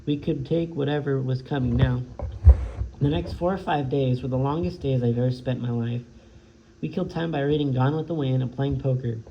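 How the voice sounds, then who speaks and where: A man, a teacher, reading a novel aloud in a steady way, often stumbling and correcting himself. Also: medium pitch, creaky. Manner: steady read-aloud with frequent slips and self-corrections. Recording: dull lo-fi home recording with faint noise.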